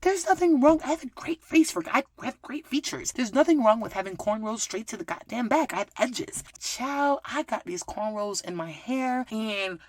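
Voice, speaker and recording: A middle-aged woman hosting a podcast, telling personal stories in a casual, animated way, swearing freely and acting out what other people said. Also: a little high, moderate pace, few pauses, no room sound. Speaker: podcast host. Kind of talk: casual storytelling chat.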